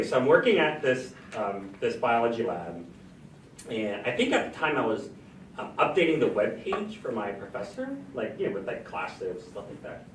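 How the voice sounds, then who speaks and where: Lively guy telling a story on a college panel, sounds roomy and kinda far off. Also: medium pitch, slight background noise. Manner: animated, acts out quoted dialogue. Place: college hall.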